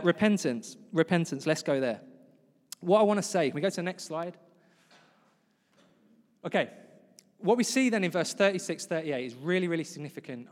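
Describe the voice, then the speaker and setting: A man giving a conversational sermon as a preacher, acting out the voices he quotes. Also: mid-range voice. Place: church hall. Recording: long church reverb.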